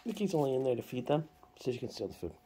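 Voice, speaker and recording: A woman's voice: extremely low pitch, very animated, rapid-fire, dark tone, slight background noise. A woman breeder narrating a casual vlog, switching between plain explanation and sing-song baby talk to her puppies. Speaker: dog breeder.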